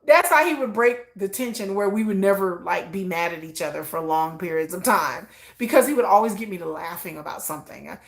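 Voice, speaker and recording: A woman's voice: fairly low pitch, a little fast, vocal fry. A middle-aged woman hosting a livestream, chatting casually in a rambling, self-mocking way. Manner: rambling, self-mocking, acts out both sides of remembered conversations. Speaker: livestream host. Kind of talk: casual chat.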